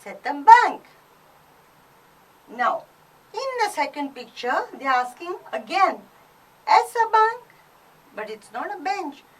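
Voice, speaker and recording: Slow, animated woman teaching French. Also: high voice, distant mic, poor audio. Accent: Indian English. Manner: slow, deliberate teacher drilling pronunciation. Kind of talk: recorded online class.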